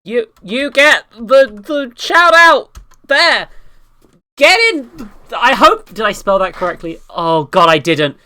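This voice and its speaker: A woman streamer commenting on a game in a rambling, excitable way and swearing often. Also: on the high side, takes it slowly. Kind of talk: casual gameplay commentary.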